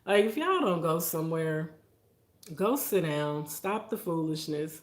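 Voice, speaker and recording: A woman's voice: sits low, expressive, unhurried. Emphatic woman chatting in an echoey room. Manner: emphatic and exasperated, laughs often. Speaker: vlogger host. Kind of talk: casual chat to viewers.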